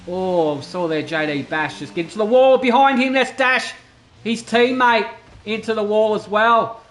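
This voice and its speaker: A man commentating a sim racing league, chatty and breaking into excited bursts during overtakes. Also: medium pitch, slight background noise, poor audio. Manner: chatty, excitable bursts over steady play-by-play. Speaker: race commentator.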